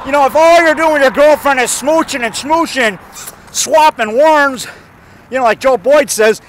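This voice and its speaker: Man, very high voice, folksy and excitable, rambling preachy vlog, faint traffic behind. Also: normal speed. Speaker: vlogger.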